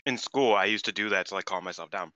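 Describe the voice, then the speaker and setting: A man's voice: fairly low pitch, fast talker, pushed and bright, no room sound, low-quality recording. A man co-hosting a podcast, rambling loosely and casually, sometimes with his mouth full. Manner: loose and rambling, talks while eating. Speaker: podcast co-host. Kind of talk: casual chat.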